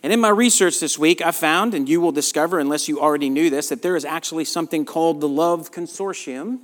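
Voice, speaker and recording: A middle-aged man with a Southern US accent, a pastor preaching a sermon, earnest and hushed in prayer, then lively and emphatic. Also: a little high, fast talker.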